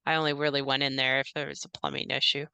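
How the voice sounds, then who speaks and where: A woman's voice: rumbling low, level tone, quick pace, creaky, pushed and bright, clean tone, no room sound, full character voice. A woman voicing a polite, nervous male house staffer who talks hesitantly with many fillers.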